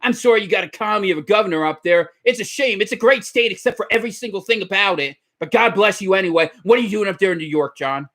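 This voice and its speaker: A man doing a gravelly ranting talk-show host. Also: lively intonation, fast, hardly any pauses, full character voice. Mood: mocking. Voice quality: deep, gravelly. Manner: shouting, preachy rants. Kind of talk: parody radio show host.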